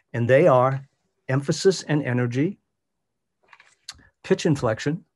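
A man leading an online workshop as a voice coach, speaking in a measured, demonstrative way and varying his pitch for emphasis. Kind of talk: instructional presentation. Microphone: video call.

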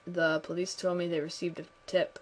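A woman's voice: lowish voice, flat delivery, moderate pace, close to an everyday voice. A woman reading the lines of a put-upon building inspector in a game, plainly and matter-of-factly.

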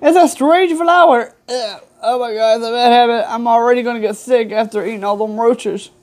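A woman's voice: on the high side, level tone, a little fast, darkish tone. A woman giving casual gameplay commentary, reading game text aloud with chatty, offhand asides. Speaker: gamer.

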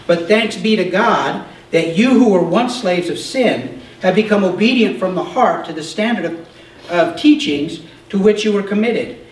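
A male pastor preaching a sermon, explaining scripture in a conversational way with frequent "okay?" checks and occasional shouted emphasis. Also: high voice, animated, moderate pace. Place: church sanctuary. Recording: roomy, distant church recording.

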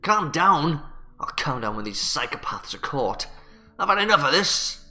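A man voicing an enraged village husband in a game, loud, fierce and threatening. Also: mid-range voice, animated, moderate pace, faint music behind. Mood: furious. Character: furious protective village husband, hot-tempered.

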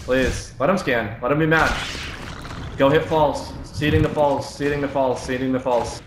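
Amid in-game gunfire, a man barks urgent, repeated orders to his team during a live online match. His mid-range voice stays steady at a moderate pace, and the game capture is echoey and noisy.

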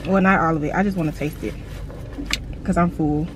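A woman's voice: low-pitched, steady tone, a little fast. Chatty young woman vlogging, noisy background. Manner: chatty, slangy, laughs often. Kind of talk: casual vlog chat to camera.

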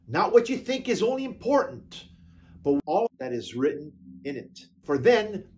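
Lively-pitched preaching man. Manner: reads scripture slowly with drawn-out emphasis; peppers talk with hallelujahs. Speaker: pastor. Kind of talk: sermon.

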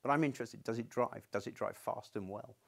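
A man delivers a university lecture in a conversational, unscripted way, stubborn in tone and frequently restarting his sentences. His mid-range voice is brisk, with vocal fry.

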